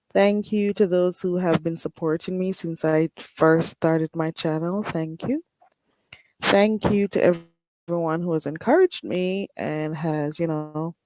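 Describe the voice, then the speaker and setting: A woman's voice: fairly low pitch, darkish tone, poor audio. A woman with a Jamaican accent hosting a casual livestream, greeting viewers by name and speaking bluntly and sassily. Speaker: livestream host.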